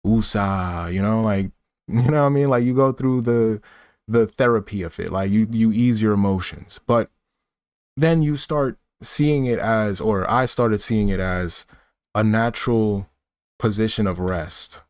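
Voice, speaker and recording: A man's voice: lowish voice, no echo. A man, talking loosely in a casual monologue full of fillers and tag questions. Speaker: vlogger.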